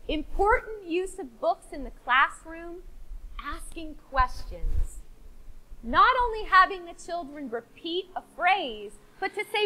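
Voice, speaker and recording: A woman's voice: very high voice, slow pace. A woman leading an interactive storytelling workshop and coaching her audience to join in. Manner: animated, coaxing the audience to join in. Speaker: storyteller and teacher trainer.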